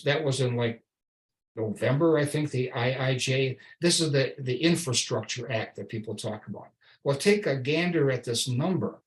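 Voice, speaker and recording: A man's voice: medium pitch, low-quality recording. Wry man giving a slide lecture. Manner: wry, sarcastic asides, frequent restarts and fillers. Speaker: invited speaker giving a slide talk.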